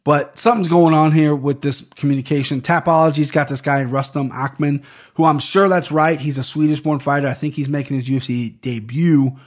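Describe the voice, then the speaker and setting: A young sports-betting podcast host talks a little fast in a slightly high, steady voice as he goes through fight picks at his desk mic. The show is casual, and he rambles, swears, and trips on names.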